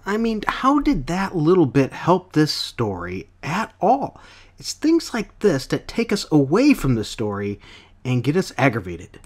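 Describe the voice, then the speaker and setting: A man's voice: fairly high pitch, wildly swooping pitch, a little slow. A man reviewing a comic book in a casual vlog, rambling with many fillers and self-corrections.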